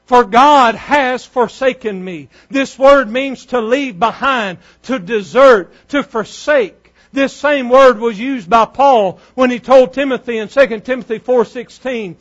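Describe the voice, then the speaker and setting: A man preaching a sermon fervently, building up to shouts. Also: very high-pitched, unhurried, few pauses, lo-fi sound.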